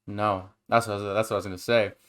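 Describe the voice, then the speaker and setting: A young man co-hosting a casual chat and telling stories in a rambling, excitable, profane way. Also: on the low side, fast. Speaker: podcast co-host.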